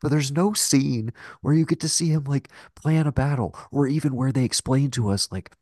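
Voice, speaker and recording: This co-host speaks on the high side, expressive and a little mellow, at a moderate pace with hardly any pauses. He rambles casually about films on a podcast, cursing and dropping "like" constantly, recorded dry with clean studio sound.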